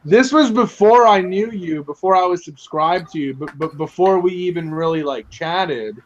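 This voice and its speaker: A high-voiced man tells a story on a live stream, animated and full of fillers and casual swearing. The audio is dull and lo-fi. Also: normal speed, a little hiss or hum. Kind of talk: casual chat.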